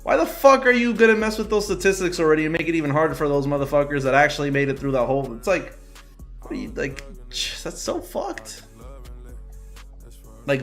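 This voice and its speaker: A young man casually hosting a live trading stream, chatting loosely with viewers, swearing often and breaking into laughter. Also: a little high. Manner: loose, profane, bursts of laughter. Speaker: livestream trading host. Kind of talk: casual livestream chat with viewers.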